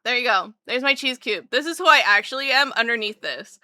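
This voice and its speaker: A young adult woman livestreamer chatting casually with her viewers, bubbly and excitable, with jokey self-mocking asides and a voice that leaps up when she greets people. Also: a little high, a little fast, no echo, studio quality. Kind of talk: casual chat with live viewers.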